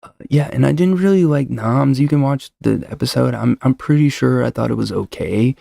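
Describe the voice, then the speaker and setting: A man with a heavily gravelly, fry-laden voice talks loosely and jokingly, often tripping over his own sentences. His tone is dark and mellow, and the sound is dry and close, straight into a desk microphone. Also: mid-range voice, moderate pace, no echo. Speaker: show host. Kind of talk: casual solo podcast chat. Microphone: desk mic with noise suppressor.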